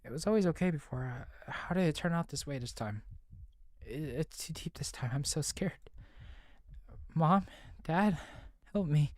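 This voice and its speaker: A man voicing a frightened, shy teenage girl who speaks softly with a halting, trembling stammer. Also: fairly high pitch, expressive, no echo, clean studio sound, natural voice. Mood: pleading.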